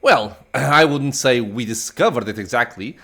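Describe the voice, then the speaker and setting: A man's voice: medium pitch, animated, normal speed, fairly bright tone. A man reading the lines of a tired, grieving male cleric from a game. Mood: earnest. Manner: earnest, tired. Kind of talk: reading game dialogue aloud.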